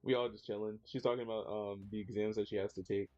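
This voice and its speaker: A young man streaming live, reading chat aloud in a laid-back, slangy way, saying he is low on energy. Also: level tone, fast talker, darkish tone, no echo, dull audio, soft background music. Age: young adult. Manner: laid-back slangy talk, jumps high when teasing chat. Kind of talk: casual livestream chat reading messages.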